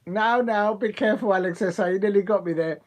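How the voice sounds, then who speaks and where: A man's voice: high-pitched, fast talker. Chatty man streaming football. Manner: chatty, excitable, thanks viewers, laughs often. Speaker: football watch-along streamer. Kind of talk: live casual chat with viewers.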